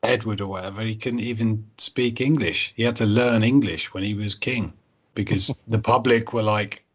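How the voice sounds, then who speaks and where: A man as a guest in a casual online chat, chuckling and chiming in with quick remarks. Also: fairly low pitch, steady tone, breathy edge.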